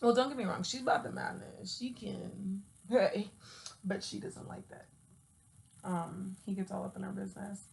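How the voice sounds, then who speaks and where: Laughing woman with a gravelly voice. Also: mid-range voice, steady tone, normal speed, a little mellow. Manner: laughing often, scolding her cat, swearing freely. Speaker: vlogger. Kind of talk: casual chat to camera.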